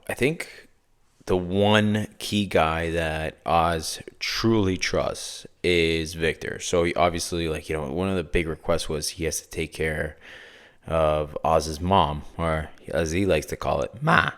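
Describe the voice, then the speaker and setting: A man's voice: rumbling low, steady tone, takes it slowly, clean tone. A Canadian man from Toronto with a Toronto accent, hosting a podcast in a casual, rambling way, full of fillers and tangents. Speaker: podcast host.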